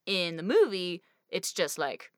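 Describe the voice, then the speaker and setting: Chatty woman with a lowish voice. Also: sing-song, measured pace, dry recording, studio quality. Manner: chatty, many fillers like "like" and "kind of". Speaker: podcast co-host. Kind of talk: casual book discussion.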